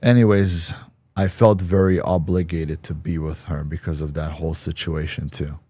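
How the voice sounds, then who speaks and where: A man with a low, deep voice tells a candid personal story as a podcast guest. He talks frankly and swears now and then. The recording is dry and close, with no room sound. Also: fairly even intonation, moderate pace, warm tone, husky, dry recording. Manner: frank, profane, acts out quoted voices.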